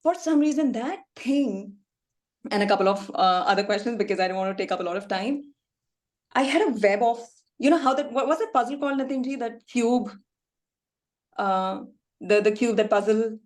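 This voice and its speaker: A woman's voice: fairly high pitch, expressive, moderate pace, a little mellow. A woman talks over a video call, telling a personal story in a chatty way, full of fillers and laughs. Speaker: class participant sharing testimony.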